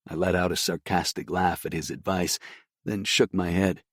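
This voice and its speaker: A man narrating a romance audiobook in first person, terse and even. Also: low-pitched, moderate pace, breathy edge, no echo, clean studio sound.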